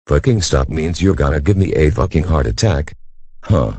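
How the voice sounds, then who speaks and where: A man's voice: rumbling low, animated, normal speed, darkish tone, husky, dry recording, pitched below the performer's own voice, exaggerated voice. A man voicing a defiant, combative male hedgehog fighter in a cartoon. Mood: challenging.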